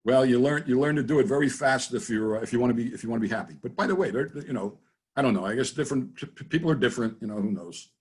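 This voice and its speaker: A man's voice: mid-range voice, very fast, darkish tone, slightly rough. A man speaking as a guest in a webinar interview over a video call, telling stories in a rambling, joking way with many restarts. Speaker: guest, business trainer. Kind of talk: casual storytelling in a webinar interview.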